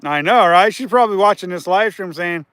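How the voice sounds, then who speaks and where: A man's voice: high voice, expressive, a little fast, fairly bright tone, clean tone, no echo. A man hosting a casual fishing livestream from outdoors by a river, chatting with viewers and laughing often.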